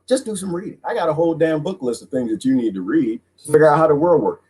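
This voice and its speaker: Husky man ranting on a livestream. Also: fairly high pitch, fast talker, hardly any pauses, poor audio. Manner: animated, laughing, mocking voices. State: losing his voice. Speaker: livestream host reading viewer comments. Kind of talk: casual livestream monologue.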